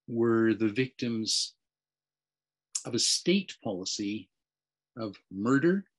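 A man with a Canadian accent speaks on a panel at an unhurried, deliberate pace. He halts often on fillers. A gently wry humor runs under his words. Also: medium pitch, poor audio. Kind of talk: panel discussion remarks.

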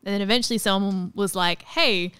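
A woman's voice: mid-range voice, normal speed, a bit bright, clean tone, no echo. A woman co-hosting a game stream, chatting casually, laughing often and swearing freely. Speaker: streamer co-host. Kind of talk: casual chat over gameplay.

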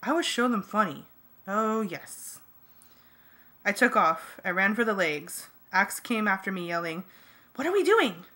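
A woman reading a fan audiobook in the first person, lively and jokey. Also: mid-range voice, unhurried. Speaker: audiobook reader.

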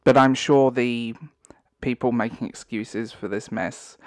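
A man's voice: medium pitch, steady tone, a little slow, darkish tone, no echo, studio quality. A man giving ranting online commentary, sarcastic and exasperated, breaking into disbelieving laughter.

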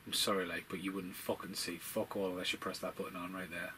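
Casting note: man, low-pitched, loose and sweary, excitable movie-commentary rambler; faint room ambience behind. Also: fast, a little hiss or hum, poor audio. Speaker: film commentary podcaster.

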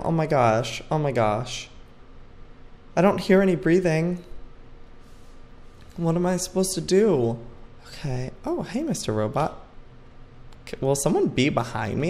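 A man's voice: medium pitch, expressive, slow, long pauses. A man hosting a let's play of a horror game, jumpy and frightened, talking to himself and yelping. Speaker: gaming channel host.

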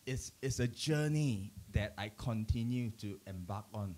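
A middle-aged pastor with a fairly low pitch speaks a little slowly during a conversational church teaching. His storytelling is animated, punctuated by chuckles and frequent sentence restarts.

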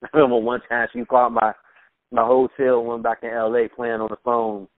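Guest: man, laid-back storyteller, mid pitch, tinny phone line, dry sound. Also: level tone, no echo. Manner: laid-back storytelling, quick laughs, mimics voices in anecdotes. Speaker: interview guest, rapper. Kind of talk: casual recollection over a phone interview.

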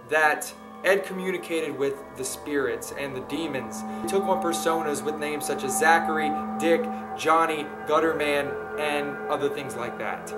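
Earnest man narrating to viewers, higher voice. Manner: earnest, speaks straight to viewers. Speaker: host. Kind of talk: casual storytelling narration.

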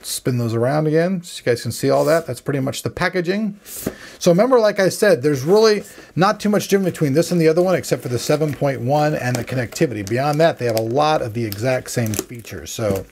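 Chatty man with a gravelly voice. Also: on the high side, fast, darkish tone, slight background noise. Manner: chatty, rambling, self-deprecating. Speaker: tech reviewer. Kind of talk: casual unboxing commentary.

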